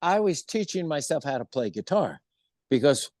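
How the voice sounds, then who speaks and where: Animated older man telling stories. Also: fairly high pitch, normal speed, no room sound, studio quality. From United States. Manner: animated, acts out quoted voices. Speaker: interview guest, musician. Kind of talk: casual storytelling.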